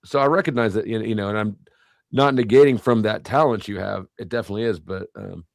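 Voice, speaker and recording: Blunt, profane man, low dry voice. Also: fast talker, gravelly, no echo. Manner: blunt, profane, rambling restarts. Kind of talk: casual panel chat.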